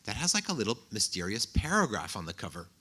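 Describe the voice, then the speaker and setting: A man on a conference panel telling a relaxed anecdote. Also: fairly low pitch, fast talker, slightly rough.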